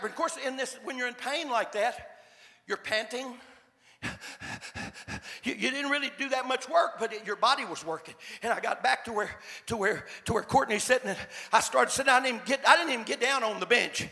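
Older preacher man, high gravelly voice, folksy storytelling, lots of restarts, echoey church hall. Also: brisk, bright, forceful tone. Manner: folksy, repetitive, stammering restarts. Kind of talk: sermon testimony storytelling.

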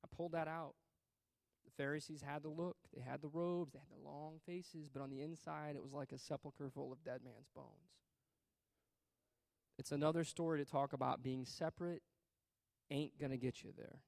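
A man preaching a sermon, reading scripture aloud and stopping to comment, swinging between loud emphatic bursts and quiet asides. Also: fairly high pitch, steady tone, moderate pace, vocal fry, no echo.

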